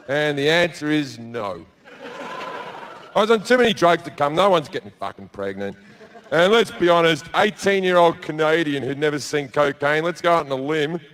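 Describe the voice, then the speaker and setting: A man doing crude, deadpan stand-up storytelling on stage with a handheld mic. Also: on the high side. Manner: crude, deadpan storytelling with sudden loud bursts. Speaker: stand-up comedian. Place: stage before a live audience.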